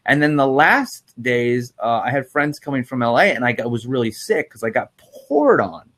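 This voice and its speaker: A man hosting a livestream, rambling through animated stories in casual chat. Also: mid-range voice, normal speed. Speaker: livestream host.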